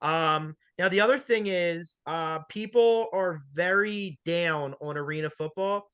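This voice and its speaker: A man's voice: sits high, measured pace, fairly bright tone, clean tone. A man hosting a sports talk show, chatting casually and filling his sentences with "like" and "you know". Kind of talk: casual interview.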